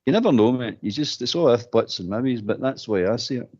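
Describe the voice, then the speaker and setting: A Scottish man co-hosting a casual football phone-in, talking in an animated way with repeated words. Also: medium pitch, fast talker. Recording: dull lo-fi phone-in audio.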